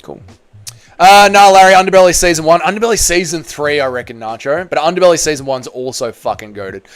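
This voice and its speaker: A man's voice: fairly high pitch, smooth, no room sound. A man with an Australian accent chatting casually on a livestream, reading donations and swearing in matey banter. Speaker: MMA YouTuber streaming live.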